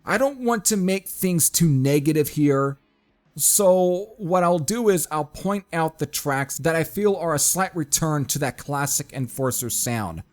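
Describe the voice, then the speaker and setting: A man's voice: fairly high pitch, lively intonation, measured pace, faint music behind. Chatty man reviewing a metal album. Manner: chatty, addresses viewers as folks, frequent fillers. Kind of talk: casual spoken album review.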